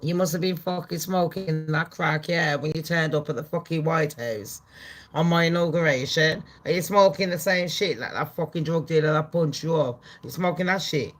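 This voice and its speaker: A woman's voice: sits low, moderate pace. A woman voicing an angry, foul-mouthed older male politician. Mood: scornful. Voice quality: swearing, scornful rant.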